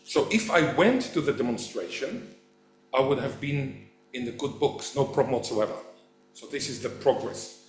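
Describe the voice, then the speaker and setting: A man giving a public lecture as a professor, animated and quick to act out the voices he quotes. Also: mid-range voice, a little hiss or hum. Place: event hall. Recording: echoey hall.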